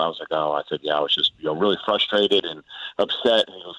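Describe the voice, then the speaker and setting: A former pitcher in his forties, a man telling a long story in a relaxed way on a sports radio show, with quoted back-and-forth dialogue. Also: fast talker, dry recording, dull audio. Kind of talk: casual sports radio chat.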